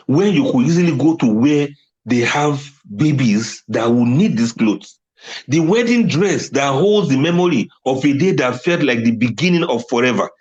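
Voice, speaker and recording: A man's voice: mid-range voice, darkish tone, muffled recording. A man giving a religious talk on letting go, emphatic and often laughing at his own points. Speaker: Islamic speaker.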